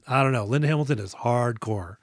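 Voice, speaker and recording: A man's voice: mid-range voice, a little fast, no echo. Guy cohosting a movie podcast, swears a lot, jokes around, dead dry sound. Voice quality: profane, jokey, acts out movie lines. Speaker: podcast co-host. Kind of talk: casual movie podcast chat.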